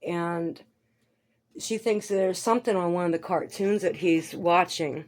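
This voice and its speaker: A woman's voice: fairly low pitch, measured pace, a little mellow. A woman giving rambling, conspiratorial commentary over a video as a vlogger. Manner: rambling, conspiratorial, swears casually.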